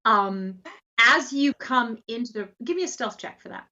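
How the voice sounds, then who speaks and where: A woman narrating as game master of a tabletop game, describing scenes with lively energy. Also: on the high side, normal speed. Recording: slightly dull lo-fi sound.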